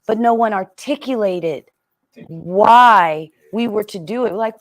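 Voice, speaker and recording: Animated woman running a group talk, acts out her folks, pretty dry sound. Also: medium pitch, slow, no room sound. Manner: animated, acts out quoted parents. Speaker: community session leader. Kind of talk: live community discussion.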